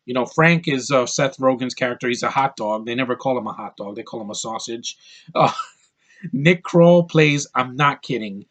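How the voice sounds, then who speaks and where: A man's voice: medium pitch, normal speed, fairly bright tone. A man giving a casual, rambling movie review to camera, opinionated and full of fillers and restarts. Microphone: camera mic, close to camera.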